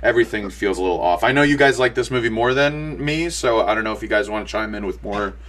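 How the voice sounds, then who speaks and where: A man's voice: fairly low pitch, fast talker, fairly bright tone. A young man co-hosting a casual movie review chat, rambling with lots of fillers and restarts. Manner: rambling, many fillers and restarts, laughs often. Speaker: podcast co-host.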